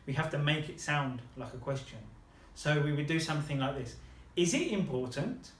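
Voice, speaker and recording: Brief: male tutor, a bit high-pitched, patient and encouraging, recorded in an echoey room. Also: fairly even intonation, a bit bright, a little hiss or hum. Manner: patient, encouraging, models words slowly. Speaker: language teacher. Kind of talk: one-on-one language lesson.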